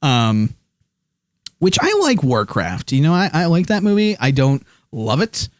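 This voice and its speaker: A man's voice: fairly high pitch, huge pitch swings, unhurried, no room sound. A man streaming live, chatting casually about his movie collection with lots of ums and restarts, close to his desk microphone. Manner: rambling, many fillers, reads chat aloud.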